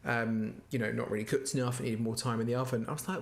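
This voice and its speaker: A man's voice: medium pitch, brisk. Jokey man podcast guest. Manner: laughing, lively and jokey storytelling. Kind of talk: casual chat recapping a baking show.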